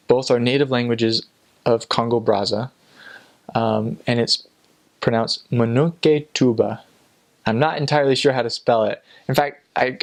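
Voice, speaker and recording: A young man, a returned missionary, casually telling amused stories with lots of fillers. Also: mid-range voice. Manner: relaxed, amused, chatty with frequent fillers. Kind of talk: casual storytelling.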